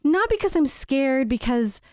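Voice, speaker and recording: A woman's voice: sits high, sing-song, measured pace, darkish tone, dry recording, studio quality. A woman in her thirties, co-hosting a podcast and telling a family story in a candid, casual way, laughing now and then. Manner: candid, laughs between stories, quotes people in changed voices. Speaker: podcast co-host.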